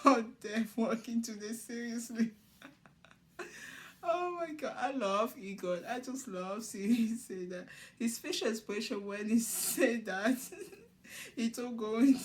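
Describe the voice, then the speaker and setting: A woman recapping a show episode in casual commentary, laughing often and acting out the cast's lines. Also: fairly high pitch. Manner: laughs often while retelling scenes; acts out cast members' lines in quotes.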